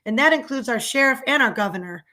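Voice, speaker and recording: A woman's voice: a little high, expressive, fast, pushed and bright. A middle-aged woman delivering an angry, sarcastic rant as a local commentator in a vlog. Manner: indignant, sarcastic, ranting. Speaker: local commentator and small business owner.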